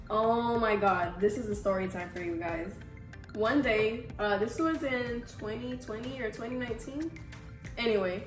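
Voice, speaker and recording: A young woman chatting casually in a vlog Q&A, rambling through a story. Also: mid-range voice. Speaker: YouTuber. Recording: echoey room.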